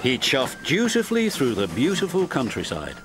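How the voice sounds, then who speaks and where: A man narrating a children's story in a gentle, expressive storytelling manner. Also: mid-range voice, moderate pace. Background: show music.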